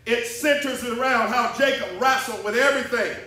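A man preaching a sermon as pastor, with rhythmic call-and-response phrasing that rises to shouts, in a church sanctuary. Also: extremely high pitch, moderate pace. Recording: echoey church hall, mic at a distance. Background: congregation responding.

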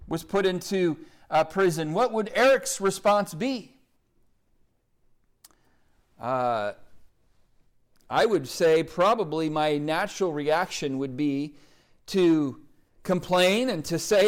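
A man's voice: fairly high pitch, expressive, takes it slowly. A man preaching a sermon, emphatic, reciting scripture in rising, building lists. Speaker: pastor.

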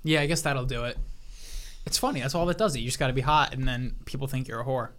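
A man's voice: mid-range voice, quick pace, a bit bright. A young man from New York co-hosting a podcast, talking in a laid-back, rambling way and laughing easily. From New York, USA. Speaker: podcast co-host. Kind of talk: casual chat.

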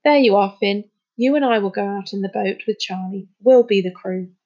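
A woman reading a storybook, voicing a brisk, bossy young girl who speaks crisply. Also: mid-range voice, dark tone, muffled recording, lightly acted. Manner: crisp, organizing.

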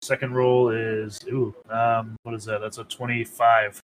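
A man's voice: medium pitch, level tone, a little slow, slight background noise, poor audio. A man playing a tabletop game over voice chat, talking hesitantly with many ums. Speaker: player.

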